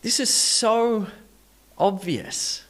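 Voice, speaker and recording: A man's voice: high voice, extremely slow, fairly bright tone. A man teaching English pronunciation in an online lesson, talking emphatically and with enthusiasm, stressing words to demonstrate them.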